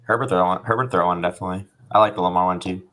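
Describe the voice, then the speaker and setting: A man's voice: sits low, steady tone, racing, background noise. A man chiming in off to the side with brief betting suggestions. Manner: brief, offhand interjections.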